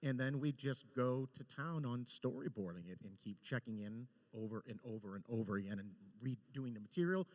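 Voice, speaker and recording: A man speaking on a convention panel about storyboarding an animated show, telling stories with excitement, restarts and laughter. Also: medium pitch, brisk, hardly any pauses. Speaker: storyboard director on an animated series. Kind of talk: casual panel talk.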